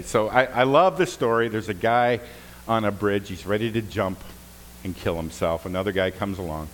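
A man preaching a sermon as pastor, telling jokes and stories in an animated way. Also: lowish voice, a little hiss or hum, poor audio.

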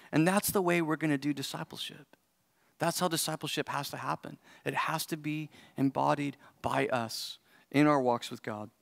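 A man's voice: fairly high pitch, gravelly, fairly bright tone, no echo, clean studio sound. A man in his forties preaching a sermon as pastor, earnest and conversational, thinking aloud as he goes. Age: 40s. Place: church service.

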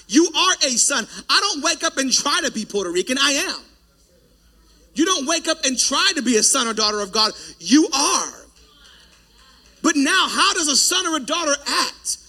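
A man preaching a sermon as pastor, loud and forceful, breaking off for joking asides to the congregation. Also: extremely high pitch.

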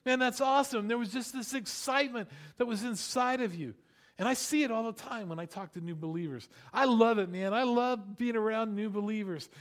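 A male pastor in middle age delivers a sermon in a high, bright-sounding voice. He talks animatedly, drifting into playful asides and rhetorical questions aimed at his listeners. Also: brisk.

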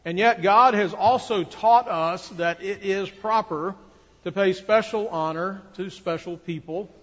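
Pastor, male, earnest measured sermon delivery, slightly higher voice, long church reverb, dull lo-fi sound. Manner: earnest, measured preaching with emphatic rises.

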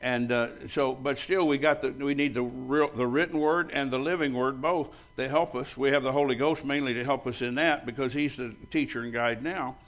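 Blunt older preacher telling a story. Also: male voice, mid-range voice, steady tone, normal speed, few pauses. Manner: blunt storytelling, acting out both sides of conversations; loud and bold when joking with the congregation. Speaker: pastor. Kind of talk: sermon.

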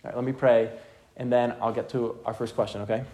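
A young man teaching a youth group from the Bible in a casual, energetic way, often checking in with his listeners. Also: mid-range voice, fast. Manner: energetic, checks in with "okay?" constantly.

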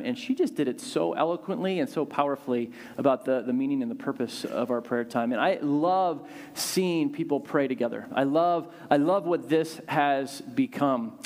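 A male pastor giving a conversational, animated sermon with lots of fillers and restarts. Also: medium pitch.

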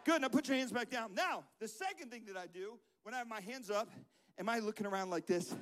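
A man leading a lively children's church sermon in a church, joking around and getting the room to repeat phrases back to him. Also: sits high, brisk. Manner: playful, jokey, leads call-and-response. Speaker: children's pastor. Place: church sanctuary.

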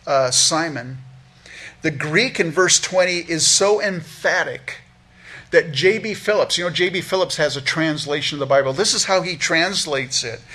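A man's voice: fairly high pitch, normal speed, pushed and bright, breathy edge. A man preaching as a pastor, earnestly teaching through a Bible passage verse by verse, often repeating words as he restarts a thought.

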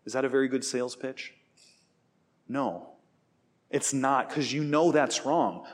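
A man in his forties delivers a sermon in an animated, storytelling way. He jokes, acts out quoted voices, and sometimes drops to a hush to voice what temptation promises. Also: mid-range voice, a little slow, pauses often. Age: 40s. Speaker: preacher.

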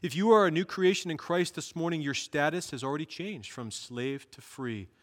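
A man's voice: fairly high pitch, moderate pace, in a large hall. A male pastor preaching a sermon in an earnest manner, rising to emphatic bursts.

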